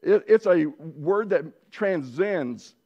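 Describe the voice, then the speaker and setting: A man's voice: fairly high pitch, expressive, slow, muffled recording. Man teaching a casual Bible lesson. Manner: conversational, frequent restarts and self-corrections.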